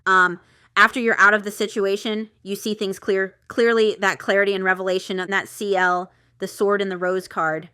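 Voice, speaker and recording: A woman giving a casual tarot reading, chatty and excitable, thinking aloud with lots of fillers. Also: mid-range voice, normal speed, smooth, no echo, clean studio sound. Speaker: tarot reader.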